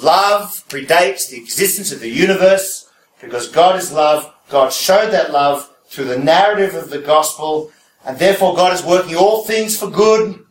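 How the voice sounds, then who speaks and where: A man preaching in a relaxed, conversational way, often checking in with his listeners through rhetorical questions. His voice sits a little high for a man. He is picked up from a distance in a reverberant room with faint ambient noise. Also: moderate pace. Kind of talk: conversational sermon.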